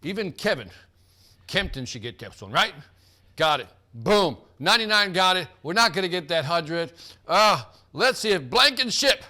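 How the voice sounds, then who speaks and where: A man's voice: high voice, big pitch swings, moderate pace, sharp tone. A man hosting a live sales team quiz, hyped and joking, calling out players by name.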